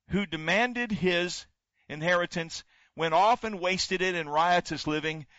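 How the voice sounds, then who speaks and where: A man's voice: on the high side, a bit bright, no room sound, muffled recording. A male pastor delivering a sermon, building points through emphatic repetition.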